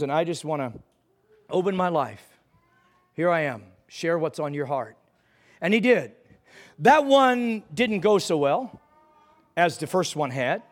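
High-voiced man preaching a personal testimony. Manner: earnest, repeats phrases, rises to fervent pleading. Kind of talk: testimony sermon.

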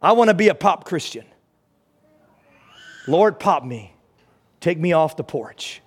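A man's voice: a little high, lively intonation, measured pace, husky. A man preaching a sermon in church, telling a personal story with feeling and rising into fervent prayer.

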